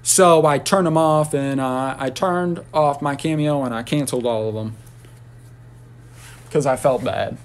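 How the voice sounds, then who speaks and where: A man ranting on a casual livestream, rambling and profane, with sudden high squeals and shouts. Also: a little slow.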